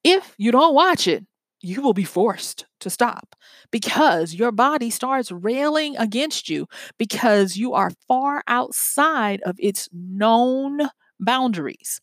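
A woman's voice: on the high side, lively intonation, takes it slowly, no echo. A woman giving an earnest, conversational motivational talk built on everyday examples.

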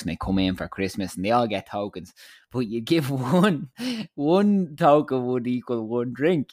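A young man with an Irish accent talks in loose, animated chat, swearing freely as he tells a story. His voice sits on the lower side and sounds close and dry, with no room around it. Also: no echo. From Ireland. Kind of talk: casual chat.

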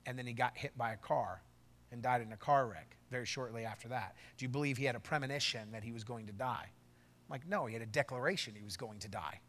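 A middle-aged pastor preaches a sermon at a quick pace, telling a story that swings between low asides and loud exclamations.

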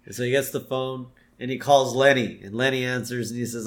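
A man co-hosting a podcast, casually retelling scenes of a cartoon episode. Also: normal speed. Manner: retells scenes, puts on high character voices briefly. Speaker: podcast co-host. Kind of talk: casual episode recap chat.

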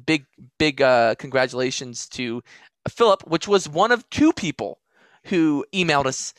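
A man's voice: a little high, moderate pace, a bit bright, dry recording. Upbeat young man, dry close sound. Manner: upbeat, enthusiastic, casual slang. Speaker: podcast co-host. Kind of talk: casual podcast chat.

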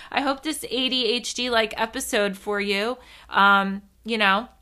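Woman, podcast host, bright voice, rambling solo monologue, giggly, animated. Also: medium pitch, normal speed, few pauses. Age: adult.

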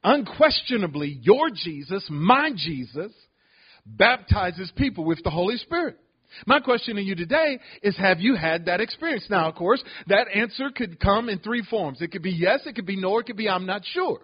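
A man's voice: high voice, lively intonation, moderate pace, husky, lo-fi sound. A man preaching a sermon as pastor, calling out to the congregation as he teaches. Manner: preaching with call-outs to the congregation.

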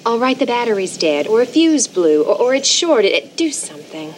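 A woman's voice: a little high, very animated, moderate pace, a little hiss or hum. A bossy, boastful woman agent. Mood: demanding. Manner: demanding, impatient. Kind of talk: 1980s TV drama acting.

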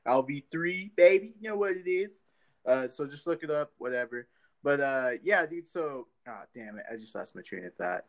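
A man's voice: a little high, animated, normal speed. A man hosting a podcast in casual chat, rambling loosely with many fillers and swearing. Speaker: podcast host.

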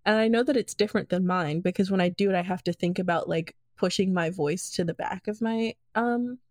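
A woman's voice: fairly low pitch, fairly quick, a little mellow, no room sound, studio quality. Hesitant woman, lots of ums. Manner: hesitant, many fillers. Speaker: game master. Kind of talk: casual podcast chat.

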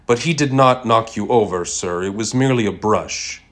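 A man's voice: fairly low pitch, normal speed, natural voice. Man doing a polite college barista with a thick accent. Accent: thick foreign accent. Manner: courteous, deferential. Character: young male college student barista, polite.

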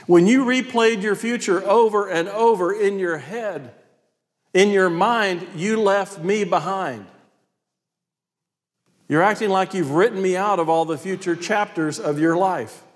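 A man's voice: high voice, voice pushed up. A man voicing God as a patient male figure who asks searching, reproving questions. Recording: long hall reverb.

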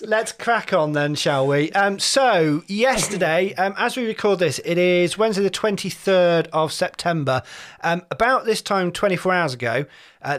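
A man hosts a relaxed podcast chat, chatty and full of fillers. His voice sits a little high. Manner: chatty, laughs often, filler-heavy. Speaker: podcast host. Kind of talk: casual chat.

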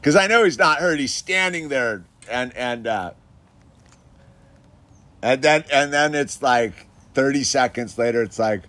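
A man's voice: medium pitch, expressive, unhurried, bright, forceful tone. Laid-back man telling a laughing story. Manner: chatty, laughing, says "dude" and "like" often. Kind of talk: casual anecdote.

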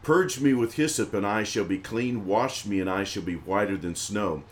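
A man's voice: lowish voice, normal speed. A man from the American South with a Southern accent, leading liturgical prayers for a live stream in a chanting, intoning voice. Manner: intoning prayers in a raised chanting voice, chatty and laughing between.

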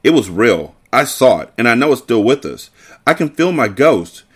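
A man voicing an excitable young girl who squeals and shrieks when she is frightened. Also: mid-range voice, normal speed, slightly rough. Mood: insistent.

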